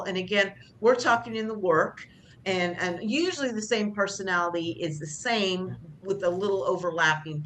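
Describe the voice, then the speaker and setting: A woman's voice: mid-range voice, a bit bright, a little hiss or hum. Chatty woman teaching a class. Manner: conversational, self-deprecating, acts out short example lines. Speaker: job training instructor. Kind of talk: classroom lecture.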